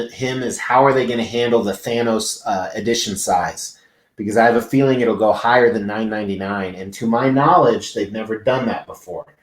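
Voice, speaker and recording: A man's voice: fairly low pitch, roomy sound. A man hosting a live stream, chatting casually and rambling, swearing freely as he talks to viewers. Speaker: livestream host. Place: large indoor convention venue.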